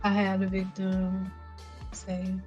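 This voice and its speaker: A young woman hosting a casual livestream chat, talking bluntly and with lots of profanity, telling animated stories. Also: medium pitch, slow pace, muffled recording, soft background music. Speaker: livestream host.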